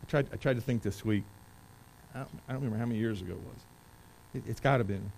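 A man in his forties preaching a sermon in a church, reading scripture loudly and with force, then telling stories in a quieter voice. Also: fairly low pitch, fast, vocal fry, slight background noise, rough recording. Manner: rises to loud emphatic preaching when reading scripture, drops to quiet storytelling. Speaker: pastor. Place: church service.

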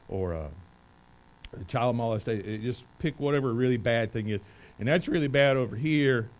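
A man in his forties preaching a sermon in a church, reading scripture loudly and with force, then telling stories in a quieter voice. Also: mid-range voice, poor audio. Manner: rises to loud emphatic preaching when reading scripture, drops to quiet storytelling. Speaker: pastor. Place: church service.

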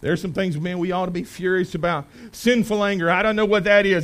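A pastor with a high, bright-sounding voice preaches to his congregation in a folksy, chatty way. He rises into loud, forceful emphasis, then drops back to quiet, offhand asides. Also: fairly even intonation, a little fast, rough recording. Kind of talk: sermon. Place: church sanctuary.

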